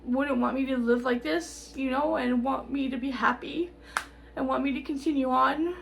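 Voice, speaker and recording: Tearful woman vlogger, high gravelly voice. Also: fairly even intonation, slight background noise. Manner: rambling, halting, repeats herself. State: tearful, on the verge of crying. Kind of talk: emotional personal update.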